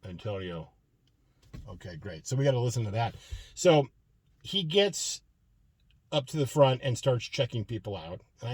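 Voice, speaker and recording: A man's voice: mid-range voice, no room sound. A man hosting a show, telling a profane comic rant story full of restarts. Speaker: show host.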